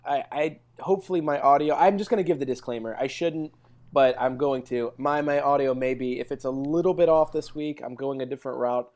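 A man's voice: medium pitch, a little fast, a little mellow. A young man co-hosting a podcast in casual banter, rambling and hesitant and laughing often. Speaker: podcast co-host.

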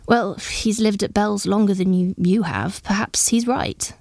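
A woman reading aloud and voicing a mild, questioning gentleman friend in her own voice. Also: medium pitch, unhurried, vocal fry, no room sound. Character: measured male gentleman friend.

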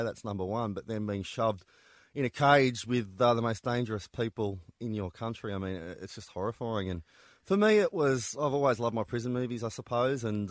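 A man's voice: on the low side, dry recording, clean studio sound. A man, an author telling prison stories in a conversational interview, with frequent ums and restarts. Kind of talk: interview guest recounting stories.

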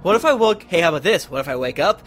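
A man playing a character in a tabletop role-play, animated and jokey, recorded close to the mic. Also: a little high, rapid-fire, faint music behind. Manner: animated, jokey, breaks into laughter. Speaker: player.

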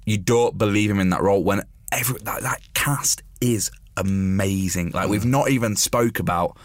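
A man's voice: lowish voice, moderate pace, no room sound, clean studio sound. A man co-hosting a casual chat about a film musical, opinionated and full of restarts. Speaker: podcast co-host.

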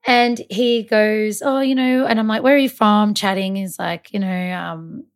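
Woman telling a story with animated quoted voices. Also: mid-range voice, measured pace. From Malta. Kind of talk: casual storytelling chat.

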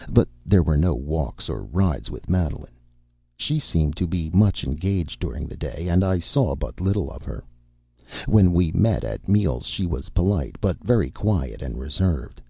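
A man narrating a story in the first person, expressive and melodramatic. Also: very deep voice, unhurried, creaky, breathy edge, dry recording, dull audio. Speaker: audiobook narrator.

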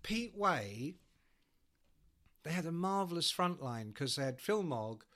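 A man, a rock journalist, chatting casually and telling animated anecdotes. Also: a little high, unhurried. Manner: animated storyteller, acts out quotes.

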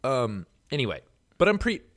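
A young man co-hosting a podcast in Los Angeles tells a story in a laid-back, slangy style, casual chat storytelling. His mid-range voice swings hugely in pitch, and he talks briskly.

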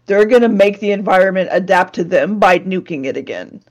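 A woman recaps an old episode for her podcast in a loose, sarcastic chat. She sits at an ordinary mid pitch, drops curse words and laughs her way through the plot. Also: animated, fairly quick. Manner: sarcastic, swears freely, laughs often.

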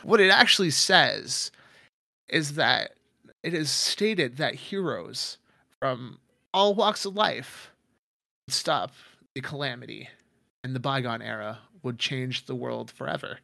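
A man voicing a friendly male museum founder who talks in a halting, chatty way. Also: medium pitch, expressive, gravelly, sharp tone, no echo, exaggerated voice.

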